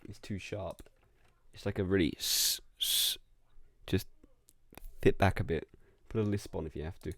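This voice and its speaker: A man's voice: low voice, fairly even intonation, normal speed, darkish tone, no room sound. A man giving casual studio feedback to a singer as a music producer, rambling and interrupting himself, with faint music and keyboard clicks behind. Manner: rambling, self-interrupting, repeats words.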